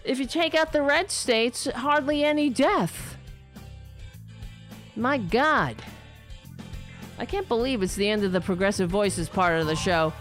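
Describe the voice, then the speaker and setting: A woman's voice: a little high, measured pace, long pauses, soft background music. A middle-aged woman hosting a political commentary show, talking in a blunt, indignant and profane way with frequent restarts.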